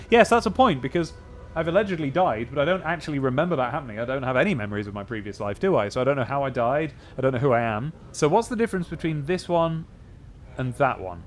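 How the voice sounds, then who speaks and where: A man's voice: mid-range voice, expressive, quick pace, soft background music. A man playing a role-playing game, reading its text aloud and thinking through his choices in a casual, musing way. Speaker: let's play host.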